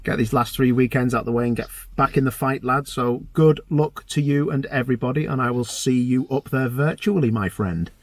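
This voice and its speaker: A man's voice: medium pitch, a little fast, few pauses, no room sound. A man hosting a casual motorsport chat show, chatty and enthusiastic, calling his guests mate. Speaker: host.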